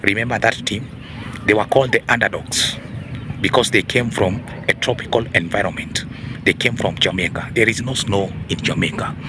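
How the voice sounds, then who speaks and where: A man's voice: fairly low pitch, moderate pace. Preachy man with a noisy background. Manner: preachy, repeats "ladies and gentlemen" and rhetorical "huh?". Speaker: video host. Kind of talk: opinion monologue to camera.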